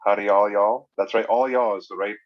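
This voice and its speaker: A man from Canada hosting a casual livestream chat, easygoing and halting, with lots of fillers. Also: fairly low pitch, fairly even intonation. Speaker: livestream host. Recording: muffled lo-fi audio.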